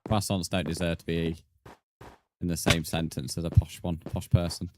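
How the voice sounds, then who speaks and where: A man's voice: low-pitched, flat delivery, moderate pace, very noisy. A man chatting casually on a game live stream, bantering with viewers, swearing, and counting blocks aloud. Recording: background music under voice.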